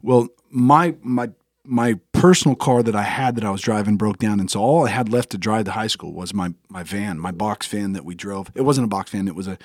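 A man's voice: fairly low pitch, brisk, no echo, clean studio sound. A man in casual podcast chat who tells rambling stories and corrects himself as he goes. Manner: rambling, self-correcting storyteller. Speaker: podcast co-host or guest.

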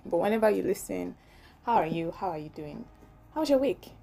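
A woman's voice: medium pitch, vocal fry, dark tone, a little hiss or hum. Chatty Nigerian woman podcasting. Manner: chatty, ranting, laughs often. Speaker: podcast host. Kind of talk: casual solo podcast monologue.

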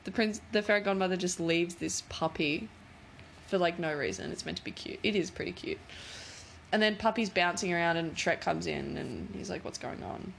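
A woman's voice: lowish voice, normal speed, gravelly, slight background noise. A woman in casual chat, retelling a film plot in a rambling, giggly way, full of fillers.

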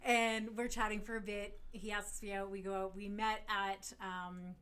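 A woman's voice: mid-range voice, level tone, normal speed, fairly bright tone, clean tone. A woman co-hosting a podcast, telling a dating story in chatty, rambling casual talk. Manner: chatty, laughing, rambling with fillers. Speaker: podcast co-host.

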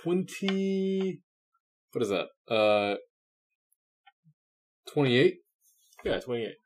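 A man playing a tabletop game who talks his dice rolls through deliberately. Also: medium pitch, big pitch swings. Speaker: player.

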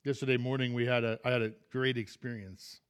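A middle-aged male pastor giving a sermon, telling a folksy story that keeps surging into excitement. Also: mid-range voice, fairly quick, clean tone.

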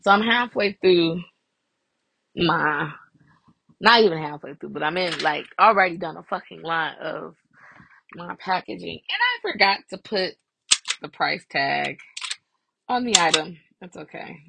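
A woman hosting a podcast, casually recapping a reality show in a profane, animated way and acting out the people in it. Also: on the low side, a little slow, vocal fry, long pauses, a little hiss or hum, rough recording. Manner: profane, animated retelling with quoted voices. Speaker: podcast host.

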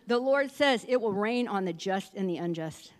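A middle-aged woman telling a lively travel story as a testimony in church, slowing down to read scripture aloud. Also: mid-range voice. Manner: animated storytelling, reads scripture slowly. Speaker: church speaker sharing a testimony.

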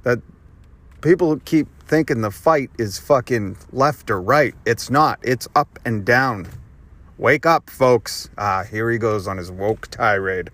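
In a ranting solo monologue on his own podcast, a man rambles sarcastically and profanely. His voice is medium in pitch and a bit bright, and he talks slowly.

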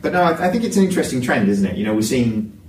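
A man's voice: medium pitch, very animated, rapid-fire. A man co-hosting a casual podcast panel, talking hesitantly, repeating words and using many fillers. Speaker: podcast co-host. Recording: roomy, distant mic with faint noise.

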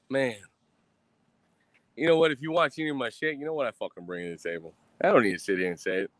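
A man's voice: mid-range voice, big pitch swings, fast talker, a bit bright, no room sound. A man ranting defiantly on a live stream, swearing constantly and mocking his critics with sarcasm.

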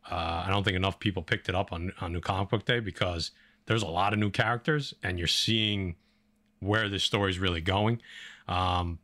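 A man's voice: low voice, a bit bright. A man co-hosting a casual comic book podcast, talking in a laid-back, rambling way with plenty of fillers. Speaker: podcast co-host.

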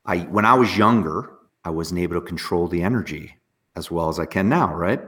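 A man, an entrepreneur guest talking with hyper, fast energy in an interview. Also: sits low. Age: 40s. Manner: energetic, hyper, talks fast with bursts of excitement. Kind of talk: interview conversation.

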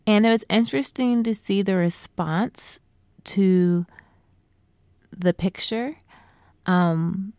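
A young adult woman coaching women on feminine energy in casual talk, speaking softly and drawing words out, often dropping to a near whisper. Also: fairly low pitch, dry recording, studio quality.

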